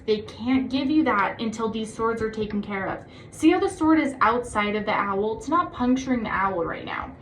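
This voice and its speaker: A woman's voice: a little high, normal speed, slight background noise. Chatty woman reading tarot cards. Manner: chatty, gushing and encouraging, gets excited. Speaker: tarot reader. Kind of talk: casual tarot reading to camera. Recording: echoey room.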